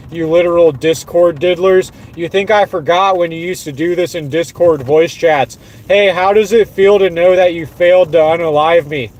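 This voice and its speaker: Furious high-voiced man ranting. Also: slight background noise, rough recording. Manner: furious, profane and repetitive. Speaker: streamer. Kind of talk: angry livestream rant.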